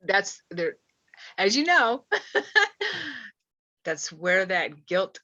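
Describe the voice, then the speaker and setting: A woman host with a bright, forceful voice comes through on dull, lo-fi remote audio. She is eager and keeps jumping in with her own thoughts in a spiritual interview. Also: mid-range voice, sing-song. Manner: eager, quick apologetic interruptions.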